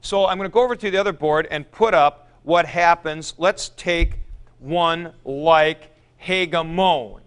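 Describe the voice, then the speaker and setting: A man's voice: fairly high pitch, measured pace, fairly bright tone, clear, resonant tone. A man teaching a Greek grammar class, chanting noun forms aloud and taking questions from students in the room. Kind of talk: classroom lecture.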